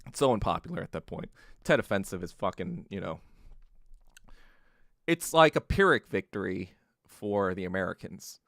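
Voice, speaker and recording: Profane, animated male podcast host. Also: sits low, moderate pace, gravelly, pauses often, no room sound, studio quality. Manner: heavy swearing, loose storytelling with acted quotes. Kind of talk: casual history monologue.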